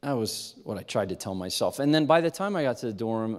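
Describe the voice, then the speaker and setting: A man preaching to a live audience, telling a self-mocking story with animation and dropping to a hushed tone when he reflects. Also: fairly low pitch, expressive, brisk, few pauses. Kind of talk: sermon storytelling. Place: large hall with a live audience. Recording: long hall reverb.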